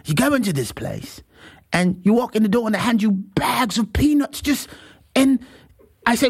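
An American man hosting a talk show monologue, emphatic and animated, acting out quotes as he goes. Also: very high-pitched, normal speed. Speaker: show host.

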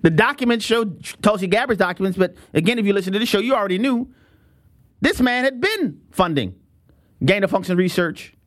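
An American man hosting a talk show monologue, emphatic and animated, acting out quotes as he goes. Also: high-pitched, brisk. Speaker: show host.

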